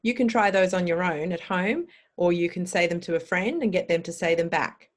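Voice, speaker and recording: A woman's voice: lowish voice, fairly quick. A woman teaching English pronunciation, spelling sounds out and prompting the listener to repeat them. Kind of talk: slow drilled pronunciation lesson.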